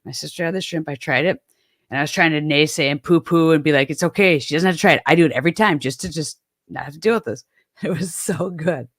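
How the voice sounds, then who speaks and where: A woman's voice: low voice, fast talker, dry recording, studio quality. A middle-aged woman from the American Midwest, chatting casually as a host, rambling and self-deprecating with many restarts. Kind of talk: casual chat.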